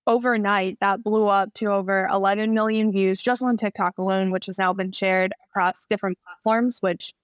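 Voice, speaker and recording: A woman's voice: medium pitch, steady tone, moderate pace, few pauses, smooth, no echo, clean studio sound. A woman in her thirties, a podcast guest, chatting casually and telling her story with plenty of "like" fillers. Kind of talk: casual interview chat.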